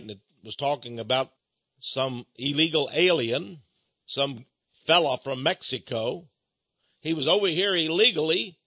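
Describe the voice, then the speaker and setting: Male radio talk host, high bright husky voice, indignant rants, dull lo-fi sound. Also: dry recording. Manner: indignant ranting, swinging between hushed asides and loud outbursts. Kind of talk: opinionated radio commentary.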